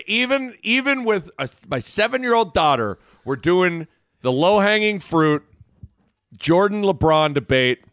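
An animated man in his thirties with a slightly high voice retells conversations on a podcast, acting out each side. His voice is close to the mic and dry. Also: no echo. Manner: animated, quotes people in dialogue. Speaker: podcast co-host. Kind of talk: casual chat.

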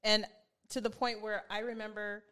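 A woman's voice: medium pitch, flat delivery, normal speed, bright, forceful tone, clear, resonant tone. A middle-aged woman chatting as a podcast guest, laughing often as she tells family stories. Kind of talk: casual chat.

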